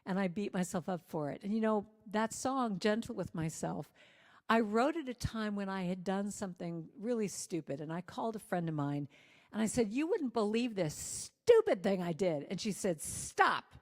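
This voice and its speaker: A woman singer-songwriter, a guest speaker, telling a self-deprecating personal story to a congregation with lively humor. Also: mid-range voice, moderate pace. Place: church sanctuary. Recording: long reverb of a church hall.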